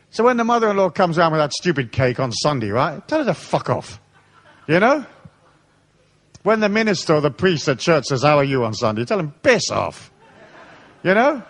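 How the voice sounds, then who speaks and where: A man speaks to a live seminar crowd in a large hall, his voice rising and falling a great deal as he tells stories. He swears freely and slips into punchy sound effects. His pitch sits a little higher than most men's. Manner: profane, storytelling, animated.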